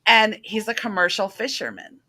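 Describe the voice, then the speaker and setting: A middle-aged woman hosts a casual talk show on faith, telling stories in an earnest, animated way. Her voice is bright and carries a ringing edge. Her pitch sits in a middling range for a woman. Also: moderate pace. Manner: chatty, earnest, animated storytelling. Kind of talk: casual spiritual chat.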